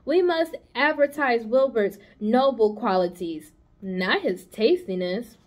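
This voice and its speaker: A gentle, clever female spider from a storybook, as a woman reading aloud puts her on. She coaxes and gives orders kindly, with patience. Her voice sits high and lilts brightly. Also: lively intonation, takes it slowly. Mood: coaxing.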